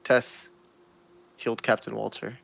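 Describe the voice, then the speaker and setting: A man's voice: medium pitch, flat delivery, a little slow, creaky, a bit bright. A man playing a tabletop game who asks eager questions in character. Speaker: player.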